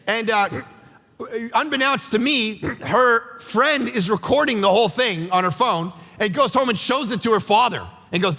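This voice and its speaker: A man, a pastor, preaching a sermon with energetic, conversational storytelling in a church auditorium. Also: very high voice, moderate pace, creaky. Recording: echoey church hall.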